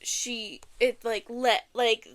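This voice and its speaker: A young woman chatting casually, animated and giggly, tripping over words as she reads facts aloud. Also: fairly high pitch, takes it slowly, dry recording. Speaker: vlogger.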